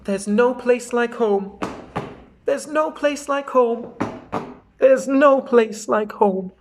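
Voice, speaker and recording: A man's voice: extremely high pitch, takes it slowly, slight background noise, pitched above the performer's own voice, full character voice. Dorothy, a man doing a sweet young girl. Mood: hopeful.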